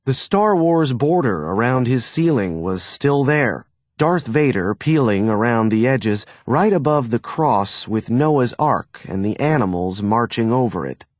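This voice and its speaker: Man, audiobook narration, expressive, animated pitch, dry. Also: measured pace, no room sound. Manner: expressive, storytelling.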